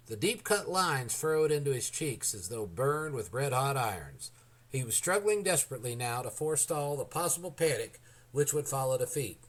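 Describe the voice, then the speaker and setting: A man narrates a historical novel as an audiobook, reading in a measured, deliberate way. His voice sits at a middle pitch for a man. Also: fairly bright tone, rough recording.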